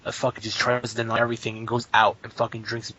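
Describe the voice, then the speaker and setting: A man's voice: medium pitch, completely flat delivery, quick pace, bright, forceful tone, husky. A man ranting in casual podcast talk, profane and sarcastic. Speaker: podcast guest. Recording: muffled lo-fi audio.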